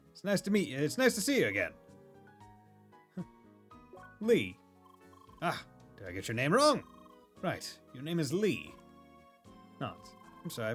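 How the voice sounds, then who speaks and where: Male streamer doing an eccentric old tycoon, high and theatrical, forgetful. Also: fairly bright tone, exaggerated voice.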